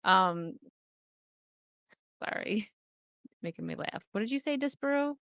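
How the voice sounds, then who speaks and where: A woman with a bright, forward voice chats casually on her livestream, answering chat and laughing often. She speaks into a close desk microphone in a dry, dead-sounding room with no echo. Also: medium pitch, animated, takes it slowly, vocal fry, lo-fi sound. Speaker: streamer chatting with live chat.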